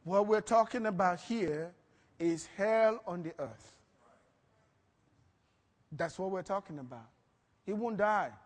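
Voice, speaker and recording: A man preaching a sermon, telling stories with lively acted-out quotes and frequent laughter. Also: high voice, big-room sound. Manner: animated storytelling, acts out quotes, laughs often. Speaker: pastor.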